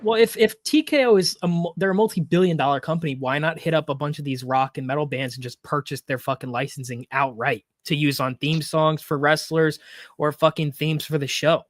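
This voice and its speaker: A man's voice: fairly high pitch, brisk, no room sound, clean studio sound. Blunt, swearing man on a podcast. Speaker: podcast host. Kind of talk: casual chat.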